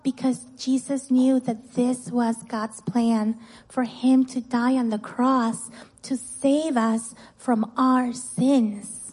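A woman teaching children in church, telling a Bible story in a lively way and often checking in with "right?" and "guess what?". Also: a little high, slow, husky, low-quality recording. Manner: animated, keeps asking "right?" and "guess what?".

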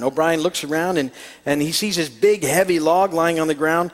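A man's voice: on the high side, fairly even intonation, fairly quick, long reverb tail. A man preaching a sermon as a pastor, folksy and hesitant with many fillers, telling a joke and reading scripture.

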